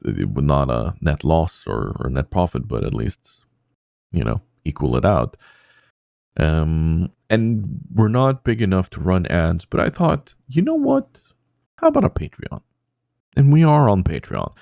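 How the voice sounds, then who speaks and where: A man's voice: deep voice, gravelly, a little mellow, no room sound, clean studio sound. A man hosting a casual podcast, rambling with many fillers and poking fun at himself. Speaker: podcast host.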